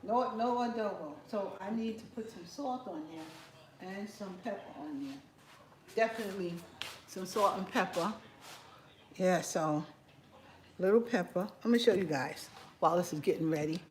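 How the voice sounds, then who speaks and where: A woman's voice: medium pitch, normal speed, pauses often, slight background noise. A woman from New York with a New York accent, chatting casually while she cooks for her channel. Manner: chatty, talks while cooking. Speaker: cooking channel host. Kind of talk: casual cooking vlog chat.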